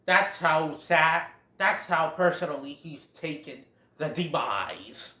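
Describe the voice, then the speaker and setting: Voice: medium pitch, lively intonation, slow, bright, forceful tone, roomy sound. A film reviewer retelling a plot in a casual, chatty way, laughing along. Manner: chatty, laughs at own jokes.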